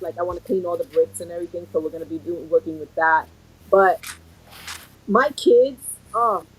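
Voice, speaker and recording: A woman who teaches school, chatting casually as a podcast co-host and telling lively stories. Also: medium pitch, breathy edge, poor audio. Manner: chatty storyteller, lively asides. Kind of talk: casual chat.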